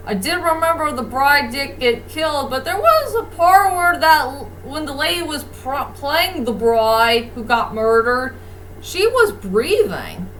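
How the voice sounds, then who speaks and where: Woman doing a movie review, high clear voice, earnest and plain, keeps circling back to the same phrase. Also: fairly bright tone, slight background noise, low-quality recording. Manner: earnest, plain-spoken, repeats a stock phrase to close points. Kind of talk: casual spoken movie review.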